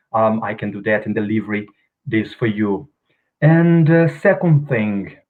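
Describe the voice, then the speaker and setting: Man speaking over a tinny call line. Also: mid-range voice. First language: Portuguese. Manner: hesitant, many ums, non-native grammar. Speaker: guest speaker. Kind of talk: spiritual talk on video call. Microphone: video call. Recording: tinny phone-like call audio.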